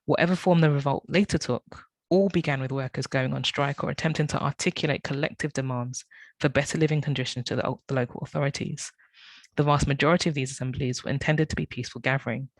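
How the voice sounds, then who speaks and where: A man's voice: mid-range voice, dry recording, rough recording. A man reading a prepared academic talk, often stumbling and correcting himself. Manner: reads from notes, with frequent self-corrections and apologies. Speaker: academic speaker.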